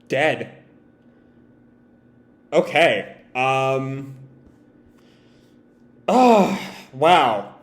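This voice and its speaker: A man reading a comic chapter aloud and reacting live, halting, with frequent fillers and self-corrections. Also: medium pitch. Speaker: manga reaction video host. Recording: roomy echo.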